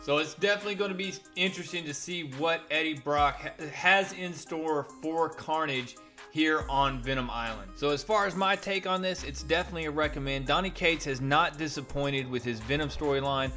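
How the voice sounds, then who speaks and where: Brief: male comic reviewer, animated storyteller, bright and forceful tone. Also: fairly high pitch, fairly quick, soft background music. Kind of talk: casual comic recap and review.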